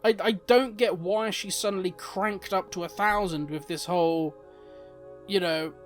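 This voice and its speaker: A man's voice: sits high, unhurried, soft background music. A man hosting a casual, opinionated commentary on game lore, often exasperated.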